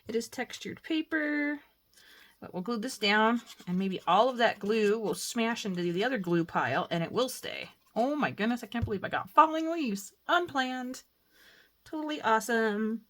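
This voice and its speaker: A woman talking casually as she works through a crafting tutorial, chatting to herself and bursting into excitement now and then. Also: mid-range voice, moderate pace, pauses often, slight background noise. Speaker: crafting vlogger.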